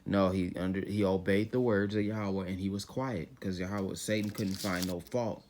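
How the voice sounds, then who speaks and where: Lowish-voiced man preaching casually from scripture. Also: fairly even intonation, normal speed, a little mellow, a little hiss or hum. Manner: loose and conversational, reading verses then explaining them in slang; often repeats "you know what I'm saying". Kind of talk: informal scripture teaching.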